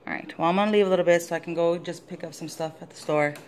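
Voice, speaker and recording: A woman's voice: fairly even intonation, racing, a little hiss or hum. A young woman with a drawl chats through her day straight to the camera. Her talk is loose and rambling, and now and then it jumps up into a sing-song baby voice. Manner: chatty, swoops into high baby talk with her dog. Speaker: vlogger. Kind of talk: casual vlog chat.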